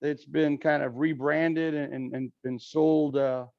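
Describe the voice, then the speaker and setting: A man's voice: a little high, steady tone, a little slow, creaky, dry recording. Man teaching a class, lo-fi and dry. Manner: explains step by step, checks in with "okay?" and "right?". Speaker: math teacher. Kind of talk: classroom lecture. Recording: dull lo-fi, dry sound.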